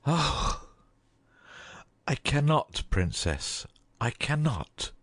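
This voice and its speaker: A man voicing a loyal huntsman torn between duty and mercy, in a slow, heavy, pleading delivery. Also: medium pitch, sing-song, fairly bright tone, exaggerated voice. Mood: grieving.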